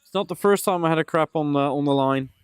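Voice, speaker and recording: A man's voice: on the high side, fast talker, clean tone, no room sound. A man live-streaming, muttering to himself as he fishes and chatting casually with his viewers. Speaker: livestreamer.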